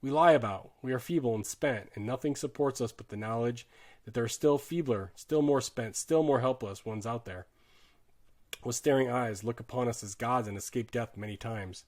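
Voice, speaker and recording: An audiobook reader with a middling-pitched voice narrates a war novel at normal speed, earnestly and dramatically. His volume shifts sharply with the drama, dropping low for grim passages and rising for tense ones.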